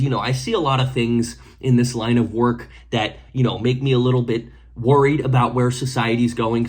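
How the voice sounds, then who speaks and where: A man hosts a commentary video in a husky, slightly rough voice. He is blunt and indignant, with a sarcastic edge. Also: mid-range voice. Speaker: host.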